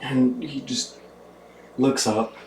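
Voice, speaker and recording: A man narrating a tabletop game as game master, in slow, hushed, deliberate narration, recorded in a roomy space from a distant mic. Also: mid-range voice, steady tone, slight background noise.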